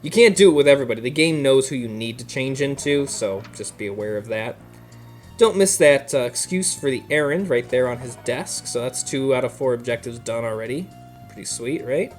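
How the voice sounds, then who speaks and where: A man's voice: medium pitch, a little fast, faint music behind. Easygoing male gamer explaining controls. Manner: relaxed, rambling, many fillers and laughs. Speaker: let's play host. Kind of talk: casual gameplay commentary.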